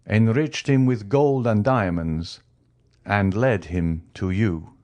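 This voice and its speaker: A man's voice: lowish voice, darkish tone. A man doing a cold, vengeful avenger. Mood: solemn. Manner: measured, solemn, slow delivery. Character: cold, vengeful man returned from prison, calm and grave.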